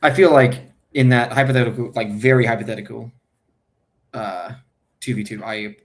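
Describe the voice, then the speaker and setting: A man's voice: medium pitch, steady tone, moderate pace, a little hiss or hum. A man streaming his fantasy football draft, thinking aloud in a casual, hesitant way and correcting himself as he goes.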